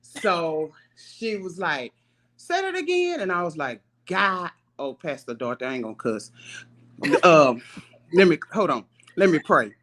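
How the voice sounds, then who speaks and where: Woman, guest, video call, casual storytelling, soft-spoken, laid-back, lower voice. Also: animated, a little slow. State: hospital patient.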